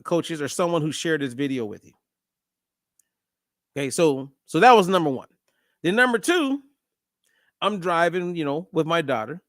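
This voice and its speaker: In a dry, studio-quality recording, a middle-aged man hosts a casual monologue, voice on the high side. He tells a story as an animated storyteller, performing the dialogue himself.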